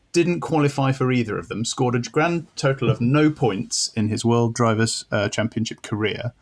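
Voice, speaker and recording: A man co-hosting a motor racing podcast, talking in a dry, playfully contrarian way. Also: mid-range voice. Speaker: podcast co-host. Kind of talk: casual chat.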